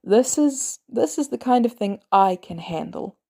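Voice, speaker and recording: Woman reading as a gruff protective man. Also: on the high side, animated, a little slow, dark tone, full character voice. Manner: blunt, clipped, swears. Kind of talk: fan audiobook reading.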